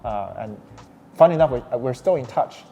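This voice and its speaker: A man's voice: medium pitch, moderate pace, gravelly. A young man, a startup founder, telling his story in a casual interview with lots of restarts and fillers. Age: young adult. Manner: animated, many restarts and fillers. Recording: long hall reverb, faint noise.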